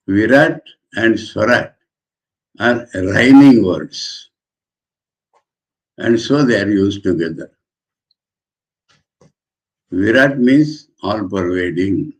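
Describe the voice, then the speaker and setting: A man, a monk giving a measured scripture commentary lecture, pausing between phrases. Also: on the low side. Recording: dull lo-fi lecture recording.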